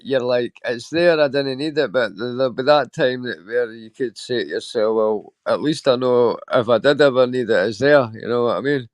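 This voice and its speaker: A man chatting as a livestream guest, telling stories in a halting, rambling way with laughs. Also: mid-range voice, no echo. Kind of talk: casual chat.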